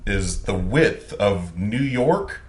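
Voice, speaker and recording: A man's voice: fairly low pitch, lively intonation, takes it slowly, a little mellow. A man co-hosting a casual podcast chat, making dry wisecracks. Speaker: podcast co-host.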